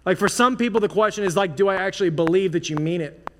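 A man's voice: high voice, fast, fairly bright tone. A man preaching a sermon as pastor, in a casual, conversational way full of "like" and restarts. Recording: long hall reverb, faint noise.

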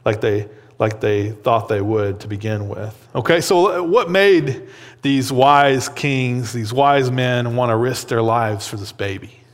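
A man teaching a Bible lesson in an easy, talky way. He keeps asking "right?" and "okay?" and doubles words as he goes. His voice sits at an ordinary middle pitch and trails a long reverb, like in a big hall. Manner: conversational, checks in with "okay?" and "right?"; repeats words while thinking.

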